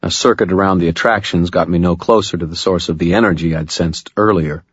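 Male audiobook narrator, very low, husky voice, dry wry delivery, muffled recording. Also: fairly even intonation, a little fast, dry recording. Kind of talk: first-person scripted narration.

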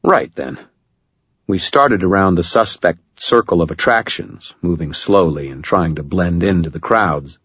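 Deep husky male audiobook narrator. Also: normal speed, few pauses, a bit bright, dry recording, dull audio. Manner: dry, wry storytelling. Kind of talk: first-person scripted narration.

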